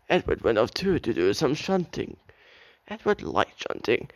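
A man's voice: medium pitch, very animated, a little slow, no room sound, dull audio. A young man reading a children's railway story aloud as an amateur narrator, with occasional slips.

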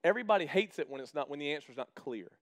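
A man's voice: on the high side, animated, rapid-fire. A man in his thirties preaching a casual sermon as a pastor, chatty and humorous, acting out quoted exchanges in his stories.

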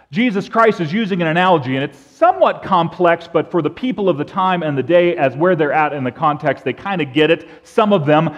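Animated pastor in a reverberant church. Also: male voice, sits high. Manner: animated storytelling, acting out sheep bleats and calls. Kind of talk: sermon. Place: church sanctuary. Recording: dull sound with long church reverb.

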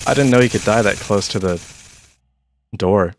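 A low-voiced joking streamer. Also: male voice, moderate pace, long pauses, faint music behind. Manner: joking, rambling, mock-indignant. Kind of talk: casual gameplay commentary.

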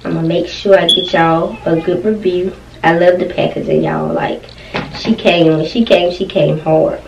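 A young woman mukbang vlogger eats on camera at home with her kids nearby, chatting casually through a food review and letting out lots of appreciative "mm"s as she tastes. Her low-leaning voice has vocal fry, fairly even intonation, and normal speed. The roomy, off-mic recording is distant, with highs cut off and background noise.

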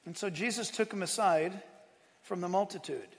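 A man preaching in a big church auditorium with a high, gravelly voice. He is animated, breaking into laughter and dropping to hushed asides between loud exclamations. His voice carries a long reverb through the hall. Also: moderate pace. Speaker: pastor. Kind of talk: sermon.

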